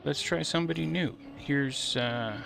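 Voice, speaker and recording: A male livestream host telling a story casually on his stream, animated and laughing as he acts out quotes. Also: a little high, a little slow, gravelly. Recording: steady background noise.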